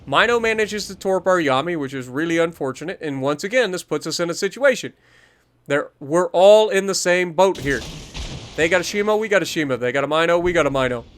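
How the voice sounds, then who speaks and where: A man's voice: on the high side, lively intonation, fairly quick, a bit bright. A man giving explanatory, coaching commentary over a recorded naval game match as the host of a gaming channel. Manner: explanatory, coaching, repeats key points.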